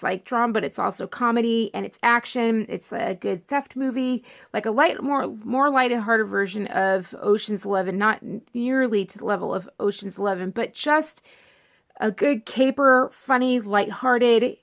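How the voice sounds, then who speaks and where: On her vlog, a woman in her thirties rambles casually about movies she loves, often stopping and restarting her sentences. Her voice is medium-pitched, gravelly, and fairly bright.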